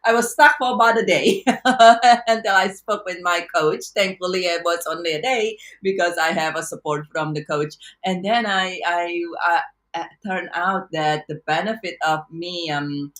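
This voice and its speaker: Earnest, lower-voiced woman telling a story. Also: a bit bright. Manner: earnest, reflective, halting with many restarts. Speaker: life and business coach. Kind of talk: personal storytelling to camera.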